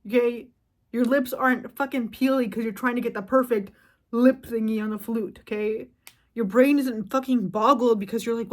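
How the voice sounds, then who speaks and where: A young woman giving a profane, emphatic rant straight to camera, with loud outbursts and quieter asides. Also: fairly high pitch, steady tone, normal speed. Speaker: vlogger. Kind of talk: ranting monologue to camera.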